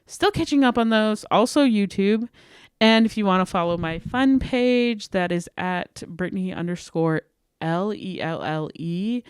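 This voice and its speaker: A young woman hosting a podcast, talking earnestly and warmly about self-worth, often breaking into light laughter. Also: medium pitch, expressive, measured pace, clean tone, no echo, studio quality. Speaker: podcast host. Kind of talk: encouraging self-worth talk.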